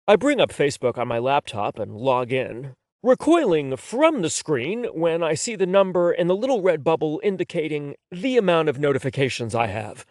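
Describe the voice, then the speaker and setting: Expressive male audiobook narrator. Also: fairly high pitch, normal speed, hardly any pauses, no room sound, studio quality. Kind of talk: first-person romance narration.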